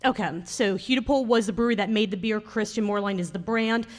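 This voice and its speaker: A woman co-hosting a relaxed podcast, recorded live at a bar. She is chatty and teasing, with frequent laughter. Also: mid-range voice, fairly quick. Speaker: podcast co-host. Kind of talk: casual chat.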